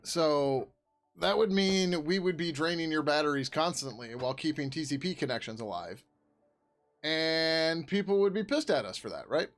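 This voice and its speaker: Working on code during a casual stream, an open-source developer reads out viewers' questions, answers them and laughs often. He speaks in an animated, slightly high voice at a moderate pace over faint music, now and then dropping into a loud, jokey whisper.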